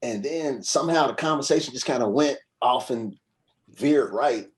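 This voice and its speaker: A man's voice: medium pitch, moderate pace. A man as a podcast guest, telling a story in a rambling, conversational way and often checking in with his listener. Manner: rambling, conversational, frequent "you know what I'm saying". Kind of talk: casual storytelling.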